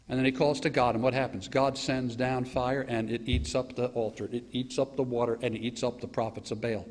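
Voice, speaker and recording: Lively American pastor in a reverberant church. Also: male voice, medium pitch, brisk. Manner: animated storytelling, mocking asides and acted quotes. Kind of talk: sermon. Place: church sanctuary. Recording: live church stream with long hall reverb.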